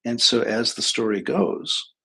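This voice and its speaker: A man's voice: mid-range voice, animated, a little slow, creaky, pushed and bright, husky. A male therapist talking casually on a livestream, chatty and self-deprecating as he tells funny anecdotes.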